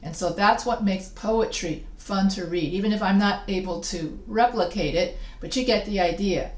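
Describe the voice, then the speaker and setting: A woman's voice: mid-range voice, a little mellow. Woman teaching in an echoey room. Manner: self-deprecating, restarts often. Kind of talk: recorded lecture.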